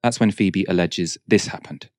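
A man reading a scripted documentary narration in a measured, grave manner. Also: low-pitched, dry recording.

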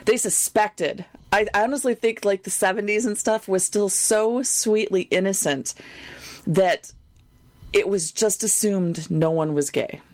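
A woman's voice: mid-range voice, measured pace, no room sound. Female podcast co-host, middle-aged, giggly and chatty, dry close mic. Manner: laughs often, chatty and questioning. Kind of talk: casual chat.

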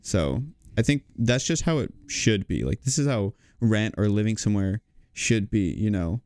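A man's voice: lowish voice, animated, moderate pace, darkish tone, dry recording, studio quality. A male medical student explaining house rules in a friendly, plain way. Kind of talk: casual explanation.

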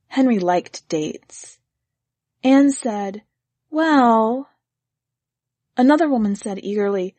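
A woman narrating a story in a measured, gently expressive reading. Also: a little high, no room sound.

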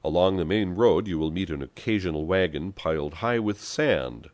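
Man, audiobook narrator, very low voice, lively expressive reading, dry close sound. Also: normal speed, no echo. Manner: expressive storytelling. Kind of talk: scripted narration.

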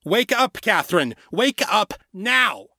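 A man doing a loud, high, urgent disembodied voice. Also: big pitch swings, slow pace, no echo, studio quality, exaggerated voice. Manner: insistent, urgent calling.

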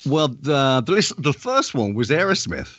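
A man's voice: medium pitch, sing-song, normal speed, a bit bright, no echo. A man, a voice actor, chatting casually as a guest and often breaking off and restarting his sentences, heard over a dull lo-fi remote line. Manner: chatty, self-interrupting. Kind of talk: casual chat.

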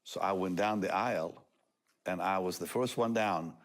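An older man speaking as a talk show guest, telling a personal testimony in an animated way, often laughing and acting out what others said. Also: sits low, normal speed.

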